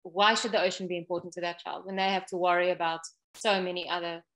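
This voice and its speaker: A woman's voice: on the low side, flat delivery, quick pace, a bit bright. A woman, a guest on an interview, earnestly explaining an ocean education program step by step.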